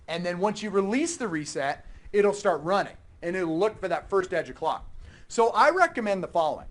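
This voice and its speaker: Guy teaching a logic design class, high voice, bouncy, coding live, keys clacking. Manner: lively, chatty, teasing students. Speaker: university instructor.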